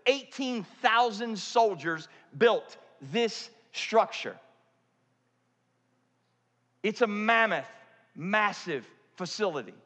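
A man with a high voice preaches a sermon, turning from loud and pressing to low and hushed. His voice carries a long reverb from a large church auditorium. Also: lively intonation, slow pace, pauses often. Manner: dramatic, swings from loud to hushed. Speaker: pastor.

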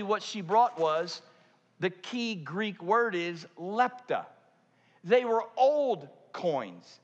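A man with a high voice preaches a sermon, turning from loud and pressing to low and hushed. His voice carries a long reverb from a large church auditorium. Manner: dramatic, swings from loud to hushed. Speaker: pastor.

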